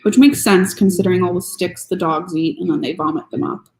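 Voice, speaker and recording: A woman's voice: lowish voice, brisk, slight background noise, low-quality recording. A woman streamer chatting casually and grumbling playfully while she builds a model. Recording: soft music playing behind.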